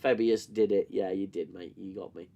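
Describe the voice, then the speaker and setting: The recording is lo-fi, and the host's deep, gravelly voice stays steady at a normal pace. Reviewing a TV show live, he swears, mocks scenes, reads chat sarcastically, and stops now and then for coughing fits.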